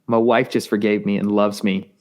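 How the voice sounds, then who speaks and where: A man earnestly telling a personal testimony in an interview, halting and repeating words, his voice rising as he gets intense. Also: lowish voice, flat delivery, a little mellow. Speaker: guest sharing testimony.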